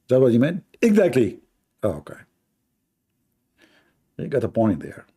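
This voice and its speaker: A man's voice: mid-range voice, big pitch swings, moderate pace, mellow, breathy edge. A man hosting a debate livestream, talking sarcastically and mockingly to his chat.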